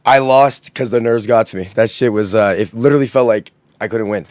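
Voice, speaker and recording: A hoarse man guest, talking in fast slang about losing a game. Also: on the low side, a little mellow, no echo. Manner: rapid slangy, self-deprecating. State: hoarse from yelling. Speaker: gamer guest. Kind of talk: casual chat.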